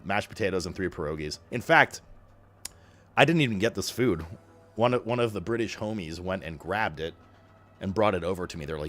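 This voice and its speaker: Deep-voiced man rambling to stream chat. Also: fairly quick. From Romania. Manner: rambling, excitable, swears a lot. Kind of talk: casual storytelling to stream chat.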